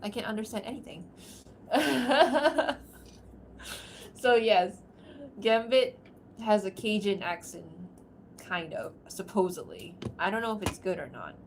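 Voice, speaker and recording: A woman streamer from outside America talks casually to her viewers in a mid-range voice. She moves through quick asides and laughs often. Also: medium pitch, expressive, slight background noise. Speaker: streamer and voice actor. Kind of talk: casual livestream chat.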